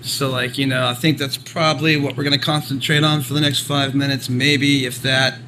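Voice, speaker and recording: A man's voice: medium pitch, flat delivery, moderate pace, background noise. A man co-hosting a comedic podcast, chatting casually, cracking jokes and swearing freely. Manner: jokey, swears freely, plays with silly voices. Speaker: podcast co-host.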